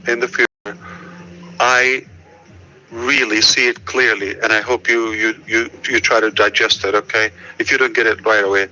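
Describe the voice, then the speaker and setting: Bright-voiced rambling man. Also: medium pitch, low-quality recording. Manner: rambling, stop-start, many fillers. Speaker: company leader addressing members. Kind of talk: casual group call chat.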